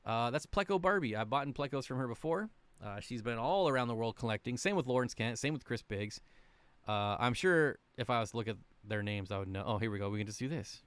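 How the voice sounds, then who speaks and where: On his laid-back aquarium fish livestream, a man goes through viewer comments out loud, chatty, rambling and poking fun at himself. His voice sits in the mid range and sounds a bit bright.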